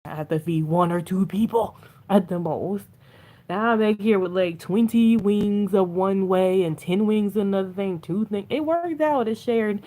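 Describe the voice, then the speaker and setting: A woman's voice: medium pitch, unhurried, dark tone. A woman vlogger chatting to viewers over her phone, telling stories and laughing often. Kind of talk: casual chat to viewers on a phone stream.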